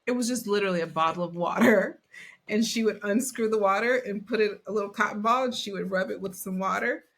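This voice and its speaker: A woman's voice: medium pitch, fairly quick. Chatty woman teacher on a podcast. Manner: chatty and animated, acts out children's voices. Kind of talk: casual chat.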